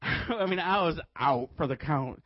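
High-pitched guy from chicago preaching, laughing thru his story, dull dry recording. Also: unhurried, no room sound. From Chicago, USA. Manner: animated storytelling, laughing often. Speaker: guest preacher. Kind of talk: sermon testimony.

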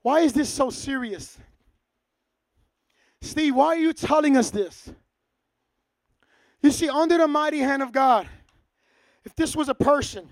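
A man preaching a sermon to his church, casual and lively, acting out short dialogues. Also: very high voice, measured pace, pauses often, no echo. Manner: casual, acts out little dialogues. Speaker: pastor.

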